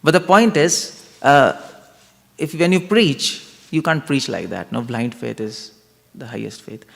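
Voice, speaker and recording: Male spiritual lecturer, gravelly, Socratic questioning style, recorded in a reverberant temple hall. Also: fairly high pitch. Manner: questioning, reasoning aloud, asks the audience.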